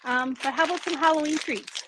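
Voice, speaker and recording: A woman's voice: high-pitched, fairly even intonation, a little fast, noisy background. A woman hosting a casual live product showcase from a craft store, chatty and upbeat, with small asides as she lists items.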